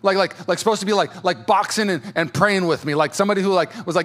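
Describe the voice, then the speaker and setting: This young pastor from California preaches a sermon in his own sanctuary, telling stories with animation and peppering them with filler words. He speaks quickly in a high voice.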